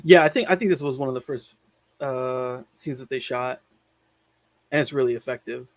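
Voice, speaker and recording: A man's voice: medium pitch, moderate pace, dry recording. A man hosting a film podcast, retelling scenes in a loose, rambling way full of "like" and casual swearing. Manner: laid-back, swears casually. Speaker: podcast host reviewing films. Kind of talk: casual chat.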